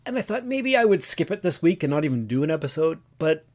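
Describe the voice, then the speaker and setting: A man's voice: a little high, very animated, fast talker, a little mellow. A man hosting his own podcast, talking casually on his own with many fillers and self-corrections. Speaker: podcast host. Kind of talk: casual solo podcast talk.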